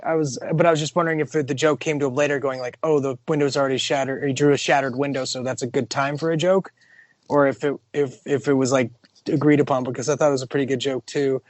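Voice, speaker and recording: A man's voice: medium pitch, steady tone, fast talker, no echo. A man co-hosting a casual comic-book podcast, rambling and joking with many restarts. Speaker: podcast co-host.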